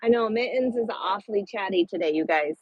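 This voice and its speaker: A husky, slightly breathy woman talks bluntly and swears freely as she chats with her livestream viewers about trucking. The sound is dry and close, with a dull, lo-fi edge. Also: mid-range voice, brisk, dry recording. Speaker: truck driver. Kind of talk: casual livestream chat with viewers.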